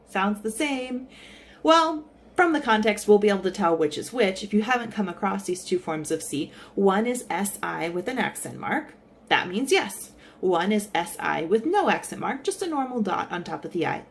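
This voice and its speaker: A woman's voice: medium pitch, normal speed, gravelly. A woman Spanish teacher giving a casual, friendly explanation in an online lesson. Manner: friendly explaining, lively intonation. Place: in San Salvador.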